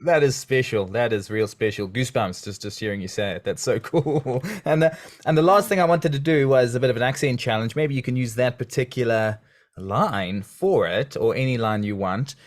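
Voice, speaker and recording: A man's voice: medium pitch, normal speed. Kiwi guy in his 30s hosting a podcast, super enthusiastic, gushes over his guest. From New Zealand. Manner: enthusiastic, effusive. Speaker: podcast host. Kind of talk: casual interview chat.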